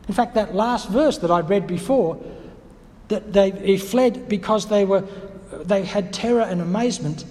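High-voiced man preaching in a reverberant hall. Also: mellow, slight background noise. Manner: reflective, teacherly, with restarts and rhetorical questions. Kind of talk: sermon.

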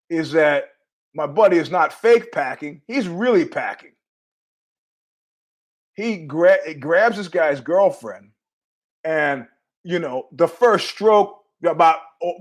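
High-voiced man telling a wild story. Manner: animated, acts out quoted voices, laughs at his own story. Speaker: podcast host. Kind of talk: casual storytelling monologue.

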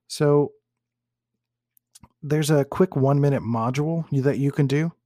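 A man hosting a teaching talk, reading a case study aloud in a measured, explanatory way and sometimes correcting himself. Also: mid-range voice, mellow, no room sound, studio quality. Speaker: host and teacher.

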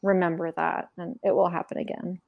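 A woman's voice: lowish voice, level tone, fairly quick, gravelly, phone-quality sound. A woman speaking frankly in a casual conversation, chatty, acting out quotes as she tells her story. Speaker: memoir author guest. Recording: podcast conversation.

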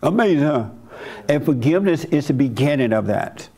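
A man's voice: a little high, lively intonation, moderate pace, a little mellow, slightly rough. An older man preaching a sermon as pastor, telling stories and acting out the voices of people he quotes.

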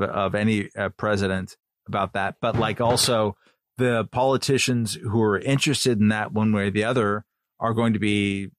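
A man's voice: on the low side, no room sound, studio quality. A man giving rambling, filler-heavy commentary on a podcast panel. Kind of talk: casual chat.

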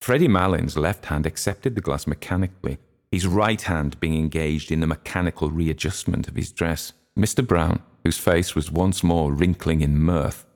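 A man reading a classic short story aloud in measured, steady scripted narration. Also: rumbling low. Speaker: audiobook reader.

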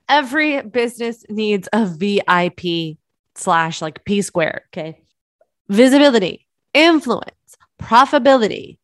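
Chatty encouraging woman podcast host. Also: medium pitch. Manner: chatty and encouraging, addresses listeners as friends. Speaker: podcast host, business coach. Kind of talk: solo podcast talk.

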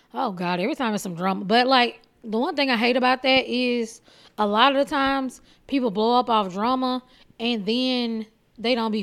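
A woman stand-up comedian from Texas, hosting her own podcast with a blunt, profane, animated comic rant. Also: fairly high pitch, gravelly.

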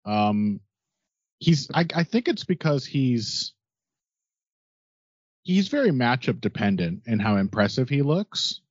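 A man's voice: mid-range voice, big pitch swings, takes it slowly, pauses often, no room sound. A man co-hosting a sports podcast, chatting in a wry, knowledgeable way and laughing often. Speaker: podcast co-host. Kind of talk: casual sports podcast chat. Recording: dull, lo-fi dry sound.

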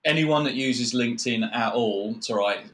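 Animated Australian man on a video call. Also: mid-range voice, moderate pace. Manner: swearing, animated rants with mocking put-on quotes. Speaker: guest. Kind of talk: casual chat.

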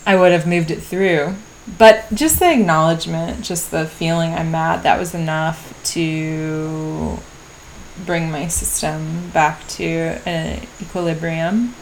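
A woman speaks in a slow, unhurried diary-style monologue and thinks aloud with frequent pauses and restarts. Her voice sits a little low. Faint ambient noise runs beneath the recording. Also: steady tone. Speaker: podcast host. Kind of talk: reflective personal diary monologue.

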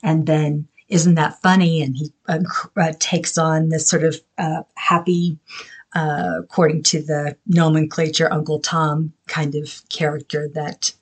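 A woman hosting a podcast, explaining thoughtfully and haltingly, with many fillers. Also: deep voice, little pitch movement, breathy edge. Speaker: podcast host.

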